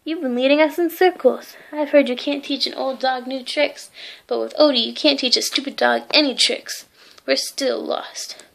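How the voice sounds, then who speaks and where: A grumbling, sarcastic storybook cat who thinks mostly of food, voiced by a woman reading aloud. He sounds high and a little gravelly, with a dry, put-upon edge. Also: normal speed, a bit bright. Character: lazy greedy sarcastic male cartoon cat.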